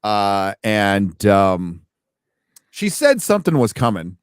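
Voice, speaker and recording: A man's voice: lowish voice, big pitch swings, slow pace, clear, resonant tone, no room sound. A man hosting a casual chat, blunt and sarcastic, often swearing. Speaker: host.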